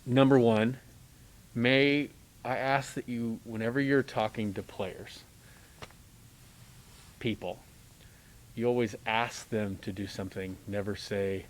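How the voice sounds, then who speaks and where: A man's voice: medium pitch, steady tone, slow, pauses often, a little hiss or hum. Middle-aged guy coaching a conductor at band rehearsal, direct, cracks jokes. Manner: direct, joking, talks through examples. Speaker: conducting clinician.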